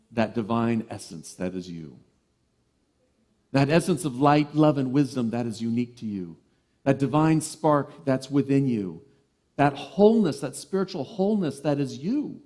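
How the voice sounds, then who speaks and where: A man giving a sermon as a reverend, animated and playful, telling lively stories. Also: mid-range voice.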